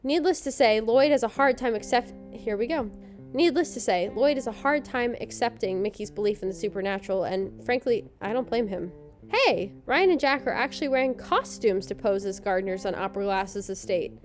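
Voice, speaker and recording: A woman's voice: fairly high pitch, animated, a little fast, soft background music. A woman co-hosting a podcast, giving a sarcastic, joking recap of a TV episode. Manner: sarcastic, snarky commentary. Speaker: podcast co-host.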